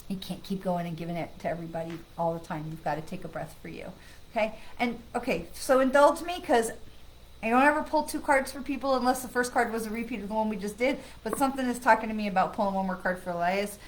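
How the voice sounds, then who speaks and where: A woman's voice: mid-range voice, quick pace, low-quality recording. A woman psychic medium doing a live card reading, chatting in a reassuring way and often checking in with "okay?" and "right?". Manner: bursts into loud excited laughter when greeting friends. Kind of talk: live-stream card reading, casual chat.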